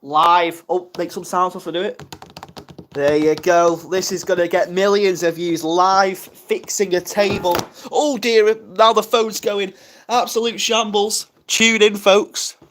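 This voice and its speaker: A man's voice: sits high, steady tone, a little slow, a bit bright, a little hiss or hum. A young man from the UK chatting casually on a live stream, flustered and rambling, mocking himself as he goes. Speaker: ASMR livestreamer.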